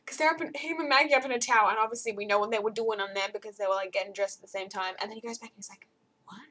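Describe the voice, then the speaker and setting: A teenage girl chatting to camera from her bedroom, rambling and jumping high when excited. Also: rapid-fire. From Australia. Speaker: vlogger. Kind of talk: casual chat to camera.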